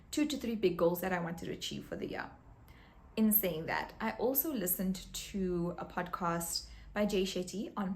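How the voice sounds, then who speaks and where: A woman in her twenties talking to camera in a casual, upbeat advice vlog, with small restarts now and then. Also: mid-range voice. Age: 20s. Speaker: YouTube creator.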